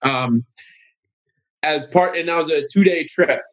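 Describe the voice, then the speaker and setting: A man telling a story on a casual podcast, his voice sitting a little high. He is sarcastic and animated and keeps slipping into squeaky voices to mimic the people in his story. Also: a little slow. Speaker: guest.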